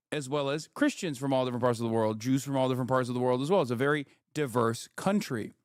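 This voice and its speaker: A man streaming live, ranting and mocking in profane, fast commentary. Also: mid-range voice, dry recording, studio quality.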